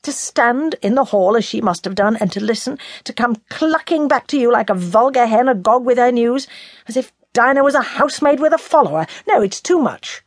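A woman's voice: a little high, animated, a little fast, no room sound, studio quality, pitched above the performer's own voice. A woman voicing an indignant young man who speaks with heated, scornful emphasis in a storybook reading.

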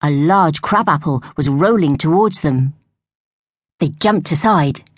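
A woman narrating a storybook for young children in a gentle, even way. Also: low-pitched, slow pace, no room sound, clean studio sound. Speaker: audiobook narrator.

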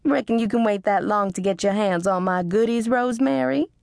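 A woman voicing a loud, syrupy older woman. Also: mid-range voice, fairly quick, vocal fry, dry recording, clean studio sound, close to an everyday voice. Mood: gushing. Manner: syrupy, snorting laugh. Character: loud gushing older Southern woman client.

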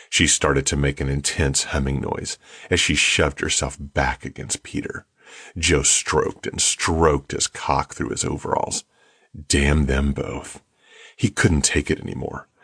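Very deep gravelly male narrator. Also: dry recording, studio quality. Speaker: audiobook narrator. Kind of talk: scripted narration.

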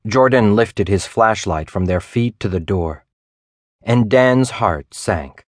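A man narrates a suspense audiobook in a low voice. His reading is measured and even. The sound is close and dry, with no room sound at all. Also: dry recording. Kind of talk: scripted narration.

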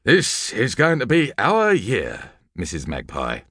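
A man's voice: fairly high pitch, expressive, unhurried, a bit bright, dry recording, clean studio sound, pitched above the performer's own voice. A man voicing a grandiose, scheming headmaster who speaks with self-important flair. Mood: grand.

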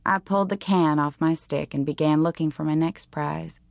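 A woman narrating a teen novel in the first person, in a dry, deliberate, wry way. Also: sits low, steady tone, gravelly, darkish tone, dry recording. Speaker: audiobook narrator.

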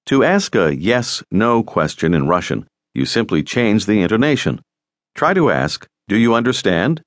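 A man narrating a recorded language course, giving calm, scripted prompts for the listener to listen, repeat and answer, in a studio. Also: lowish voice, normal speed, no room sound. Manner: calm, directive teaching prompts.

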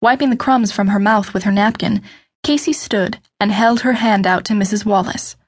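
A woman narrating an unabridged novel audiobook in a steady, measured storytelling voice. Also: medium pitch. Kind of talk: scripted narration.

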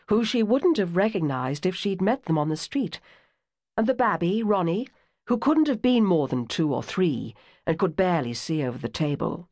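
Lebhafte Hörbuch-Erzählerin, tiefe Stimme. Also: female voice, sits low, vocal fry, a little mellow, no room sound, studio quality. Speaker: audiobook narrator. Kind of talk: scripted narration.

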